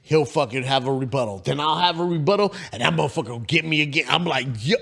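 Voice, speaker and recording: A man co-hosting a podcast, telling work stories in a loose, profane, animated way. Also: on the high side, quick pace, vocal fry. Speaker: podcast co-host. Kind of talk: casual storytelling chat.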